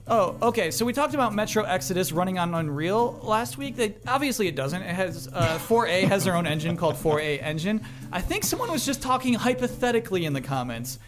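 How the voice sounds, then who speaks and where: Male podcast moderator, high and expressive voice, playful and joking, faint music behind. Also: brisk, few pauses. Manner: animated, joking host reading a listener question. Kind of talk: casual podcast chat.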